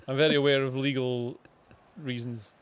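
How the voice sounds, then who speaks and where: A man co-hosting a live football watchalong, cracking dry, deadpan jokes in casual banter. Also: mid-range voice, measured pace, clear, resonant tone. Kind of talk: casual banter over a match stream.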